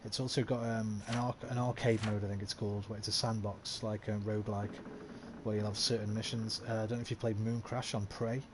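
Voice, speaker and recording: A man's voice: lowish voice, little pitch movement, a little fast, noisy background. A man chatting casually as he streams a video game, rambling with lots of ums. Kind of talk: casual live-stream commentary.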